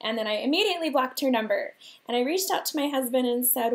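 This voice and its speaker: A woman in her thirties hosting a livestream from home, telling a personal story in an animated way and laughing often. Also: high-pitched, fast. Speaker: host.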